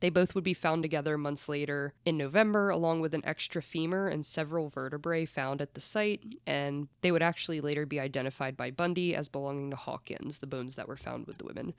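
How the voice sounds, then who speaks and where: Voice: medium pitch, fairly quick, few pauses, clean tone, dry recording, clean studio sound. A podcast host telling a true-crime story in casual, blunt chat and swearing freely.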